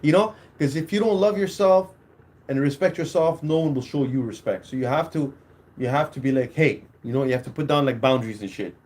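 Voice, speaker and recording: A young man runs a solo podcast, rambling casually and crudely and laughing at his own stories. His voice is medium in pitch, darkish in tone, and a little fast.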